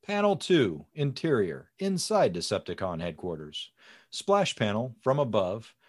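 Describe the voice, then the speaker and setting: A man reading comic script panel descriptions aloud in a lively way. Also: on the low side, a little slow. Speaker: script reader.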